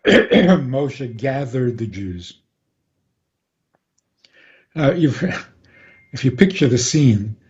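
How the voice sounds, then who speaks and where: A man, a rabbi, calmly explaining on a radio talk program and chuckling often. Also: mid-range voice. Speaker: rabbi guest. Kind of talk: radio interview, Torah teaching. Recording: dull lo-fi radio audio.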